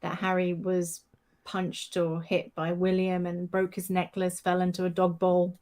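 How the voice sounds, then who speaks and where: Quick-talking woman podcast co-host. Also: fairly low pitch, completely flat delivery, a little mellow. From United Kingdom. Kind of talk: casual chat.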